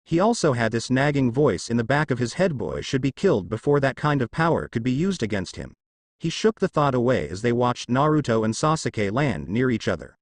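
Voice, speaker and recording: A man narrates a fan-fiction story with a lively, rising-and-falling delivery. He reads every character in his own voice, close to a dry mic. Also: mid-range voice, brisk, no room sound. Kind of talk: fan fiction read-aloud.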